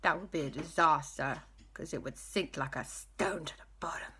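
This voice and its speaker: A woman telling an improvised children's story in a playful way, dropping to hushed tones for spooky parts. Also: sits low, normal speed, background noise. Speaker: storyteller host.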